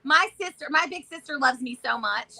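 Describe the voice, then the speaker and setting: A woman with a Southern American accent, co-hosting a casual vlog chat in an animated, chatty way. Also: high voice, a little fast, creaky, low-quality recording. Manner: animated, chatty, loud exclamations and laughs. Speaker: vlog co-host.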